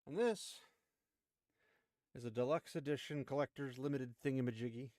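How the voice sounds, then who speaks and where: Casual young male streamer, chatty and rambling, average pitch, dry close mic. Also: normal speed, a little mellow, no room sound. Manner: chatty, laughs often, rambling asides. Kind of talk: casual chat showing off collectibles.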